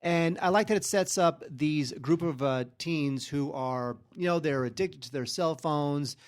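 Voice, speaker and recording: A male film critic on a podcast, with a somewhat higher voice than most men. He talks casually and haltingly, scattering ums and uhs as he reaches for his opinions. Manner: hesitant, many ums and uhs between thoughts. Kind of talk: casual chat.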